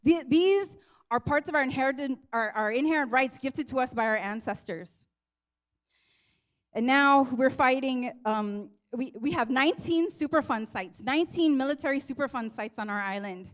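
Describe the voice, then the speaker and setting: A woman's voice: high voice, moderate pace. A woman from Guam speaking at a teach-in, an earnest and impassioned activist giving a rally speech. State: emotional, near tears. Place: teach-in event hall.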